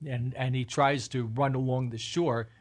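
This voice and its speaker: A man's voice: mid-range voice, level tone, a little slow, faint music behind. A man hosting a casual chat, retelling old TV shows in a rambling, hesitant way with many fillers. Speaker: host.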